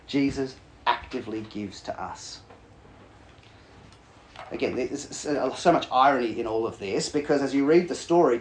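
Animated, lively-voiced preacher man. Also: mid-range voice, a little hiss or hum. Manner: conversational, animated, jokes with congregation. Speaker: pastor. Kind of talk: sermon.

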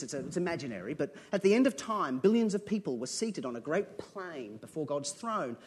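Husky preacher with a lively voice. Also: male voice, fairly high pitch. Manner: earnest, conversational asides mixed with dramatic reading. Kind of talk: sermon.

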